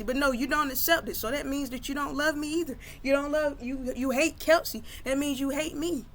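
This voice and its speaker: A woman's voice: high voice, a bit bright, pitched above the performer's own voice. A woman voicing an angry young man scolding his sister in a spoken story. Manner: heated, scolding, emphatic.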